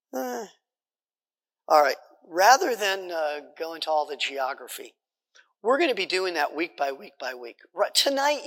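Bright-voiced man teaching a Bible class. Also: on the high side, big-room sound. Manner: conversational, repeats points, checks in with "right?".

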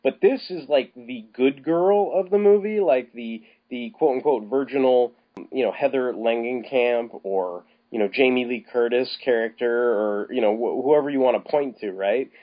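Casually reviewing a film with his podcast co-host, a man speaks at normal speed in a mid-range voice. His talk wanders, with repeated restarts and easygoing swearing, and the lo-fi recording comes across as slightly dull.

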